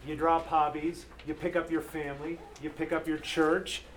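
A man in his thirties preaching an earnest, animated sermon to a men's group as pastor. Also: a little high, normal speed, slight background noise. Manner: earnest, animated, acts out quoted voices.

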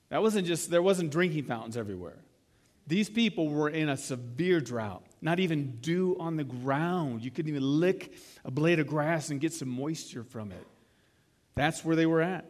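A man's voice: fairly high pitch, long reverb tail. A man preaching a sermon in a conversational way, retelling a scene and asking the listeners rhetorical questions. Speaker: pastor.

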